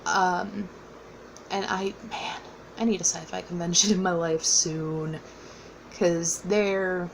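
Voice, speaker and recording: A woman's voice: on the low side, level tone, slow pace, gravelly, a little hiss or hum, rough recording. A young woman casually telling a personal story, rambling with fillers and laughing often. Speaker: vlogger.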